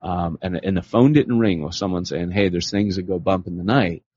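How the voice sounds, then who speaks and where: Husky low-voiced man telling stories. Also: moderate pace, dry recording. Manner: animated, slips into acted voices for the people he quotes. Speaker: podcast co-host. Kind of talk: casual storytelling conversation. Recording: dull lo-fi podcast audio.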